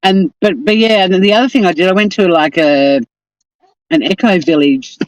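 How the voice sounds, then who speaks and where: A woman's voice: fairly low pitch, moderate pace, no echo, rough recording. A woman with an Australian accent, hosting a casual live stream and chatting in a rambling, exasperated way.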